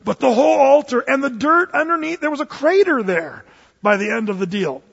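Brief: male preacher, high husky voice, lively storytelling sermon, muffled recording in a reverberant hall. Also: brisk. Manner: animated storyteller, swings from loud to hushed, jokes. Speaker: pastor.

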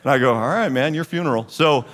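A man in his forties, a guest speaker at a church men's group, gives a storytelling testimony and acts out the dialogue with lively energy. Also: mid-range voice, fast, slight background noise. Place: church hall. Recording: long reverb of a large hall.

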